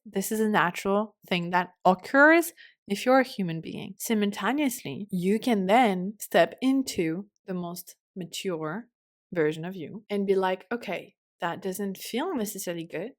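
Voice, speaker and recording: A woman hosting a solo podcast, talking passionately and swinging from fired up to soft and calm, swearing casually. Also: medium pitch. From French-speaking. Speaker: podcast host.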